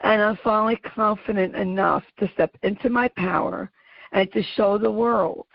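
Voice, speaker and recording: A woman hosting her own audio show, giving an earnest, emphatic motivational talk in a slow, deliberate way. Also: mid-range voice, fairly even intonation, gravelly, no echo. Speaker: podcast host. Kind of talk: motivational monologue. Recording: dull lo-fi audio.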